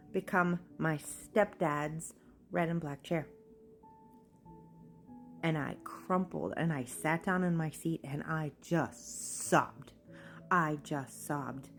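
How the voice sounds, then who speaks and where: A woman's voice: fairly low pitch, fairly bright tone. Woman telling her story earnestly. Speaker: speaker sharing her own story. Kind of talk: personal testimony.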